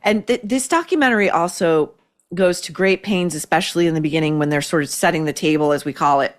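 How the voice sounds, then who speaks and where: A woman's voice: lowish voice, fast talker. A woman hosting an opinion show, delivering blunt, sarcastic, profane commentary. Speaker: podcast host.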